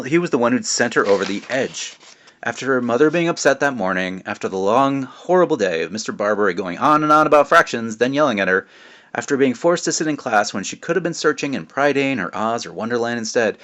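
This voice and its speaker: Low-voiced man reading a children's book. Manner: friendly, relaxed, comments between passages. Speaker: author reading his book. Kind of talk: children's book read-aloud.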